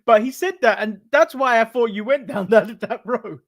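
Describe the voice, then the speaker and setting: An Englishman co-hosting a wrestling podcast chats casually, laughing often and restarting his sentences. His voice is extremely high-pitched, and he speaks at a moderate pace.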